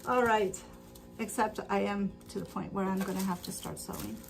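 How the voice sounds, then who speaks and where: A woman's voice: mid-range voice, steady tone, moderate pace, vocal fry, a little hiss or hum. A woman hosting a sewing livestream. She chats casually and rambles, uses lots of fillers, and laughs often. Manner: rambling storyteller with filler words. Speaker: livestream host. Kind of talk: casual chat while sewing.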